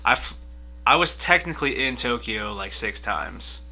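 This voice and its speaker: A man's voice: mid-range voice, lively intonation, pushed and bright. A young man co-hosting a podcast in casual chat, teasing and quizzing his friend, with mains hum behind. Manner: slow, teasing, questioning. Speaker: podcast co-host.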